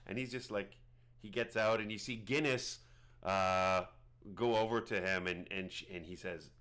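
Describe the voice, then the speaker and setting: A man narrating a tabletop game as game master, rambling with many halting restarts. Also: lowish voice, a bit bright.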